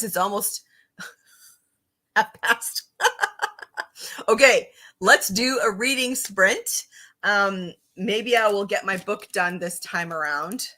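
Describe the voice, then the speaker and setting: A woman's voice: medium pitch, sharp tone. A woman hosting a casual live-stream book chat, upbeat and chatty, reading out viewer comments. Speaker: book channel host.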